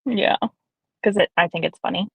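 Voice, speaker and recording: A woman chatting casually while streaming a game, animated and self-mocking. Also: lowish voice, normal speed, creaky, slightly rough, no echo. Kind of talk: casual gaming chat. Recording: slightly dull lo-fi stream audio.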